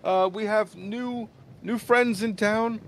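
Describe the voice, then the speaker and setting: A man's voice: sits high, steady tone, takes it slowly, slight background noise, pitched above the performer's own voice. A man voicing a flustered woman village mayor who stammers and urges her people to flee, in a tabletop game. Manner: anxious, stammering, urgent.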